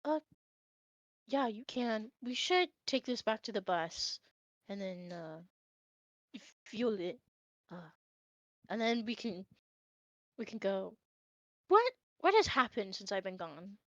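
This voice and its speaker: A woman narrating as game master in a casual, halting way with many fillers. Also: mid-range voice, very animated, a bit bright, dry recording. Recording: dull, dry lo-fi audio.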